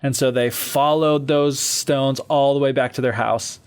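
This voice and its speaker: A man's voice: medium pitch, fairly even intonation, unhurried, clear, resonant tone. A man co-hosting a podcast, loosely retelling a fairy tale in casual chat, full of fillers and easy laughter.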